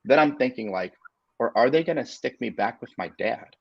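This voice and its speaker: A man in his forties, an inspirational speaker, telling a personal story in an earnest, halting way with many fillers and restarts. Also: mid-range voice, expressive, gravelly, husky, dry recording, dull audio. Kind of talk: storytelling on a video call show.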